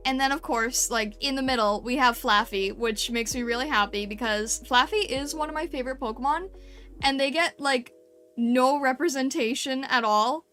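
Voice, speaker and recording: Woman streamer, bright clear voice, slightly high, gushing casual chat, faint music behind. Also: normal speed. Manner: gushing, chatty, filler-heavy, laughs often. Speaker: streamer reviewing fan art.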